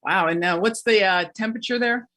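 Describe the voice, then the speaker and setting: A woman's voice: mid-range voice, brisk, pushed and bright. A woman hosting a virtual storytelling show in a joking witch persona, rambling and hammy over a video call. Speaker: emcee in witch character.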